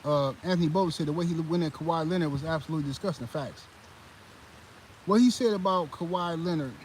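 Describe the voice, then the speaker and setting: A man hosting a live sports commentary stream, talking in a heated, animated way with many fillers and restarts. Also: fairly high pitch, fast talker, a little hiss or hum, poor audio. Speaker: sports commentary channel host.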